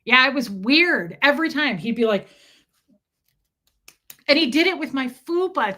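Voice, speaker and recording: A woman's voice: sits high, animated, a little slow, pauses often, pushed and bright. A woman live-streaming, telling a frank, profane, joking story in casual chat.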